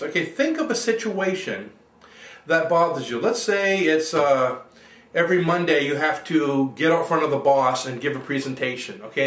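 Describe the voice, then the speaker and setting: A man gives an instructional self-help talk and guides his listeners through each step of an exercise. His voice sits fairly high. He is recorded from a distance in a room with noticeable echo. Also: a bit bright. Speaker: NLP coach.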